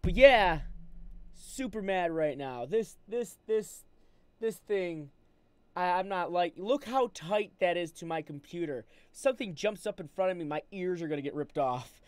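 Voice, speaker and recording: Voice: mid-range voice, lively intonation, measured pace, smooth, no echo. Agitated streamer ranting, dry sound. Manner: agitated, ranting, with many restarts. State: upset. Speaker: live streamer. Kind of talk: casual live-stream rant. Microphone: wired earbuds with mic.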